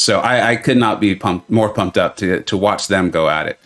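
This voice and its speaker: A man's voice: deep voice, moderate pace, few pauses, fairly bright tone. A man hosting a game-tournament watch party live stream, chatting casually and greeting viewers by name with self-mocking humor. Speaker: livestream host.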